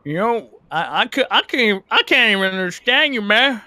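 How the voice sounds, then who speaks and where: High bright voiced stammering man. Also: expressive, brisk, no room sound. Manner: stammering, goofy put-on drawl. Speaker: gaming guest. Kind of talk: joking gameplay chat with put-on accents.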